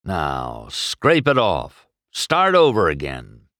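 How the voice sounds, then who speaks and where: A man's voice: mid-range voice, wildly swooping pitch, slow pace, fairly bright tone, no room sound, clean studio sound, pitched above the performer's own voice, heavily acted. A man voicing a stern older male car in a storybook read-aloud, curt and unimpressed.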